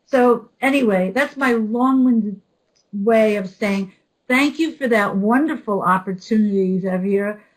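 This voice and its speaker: A woman hosting a webinar, telling a story in an animated way and quoting the people in it. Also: medium pitch, unhurried, poor audio. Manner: animated storyteller, quotes others. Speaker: webinar host. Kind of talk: storytelling introduction.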